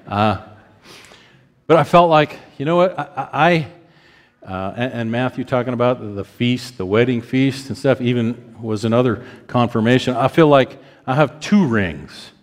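With a long hall echo behind him, a fifty-something man delivers a deeply emotional sermon at a moderate pace. His pitch climbs as he grows stirred, then his voice gentles as he acts out repentant prayers.

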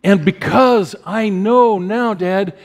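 Male preacher, fifties, emotive, pitch climbs when stirred, soft prayerful asides, long reverb. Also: takes it slowly. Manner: acts out prayers of repentance. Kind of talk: sermon.

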